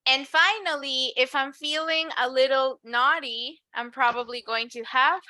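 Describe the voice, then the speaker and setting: Bright-voiced woman teaching English. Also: sits high, measured pace, no echo. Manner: clear, patient, switches to Spanish to explain. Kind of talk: online English lesson.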